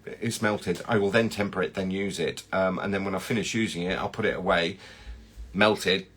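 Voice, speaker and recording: A man's voice: deep voice, fairly even intonation, moderate pace, a bit bright, breathy edge. A man, a chocolatier hosting a casual live chat and rambling through viewer comments.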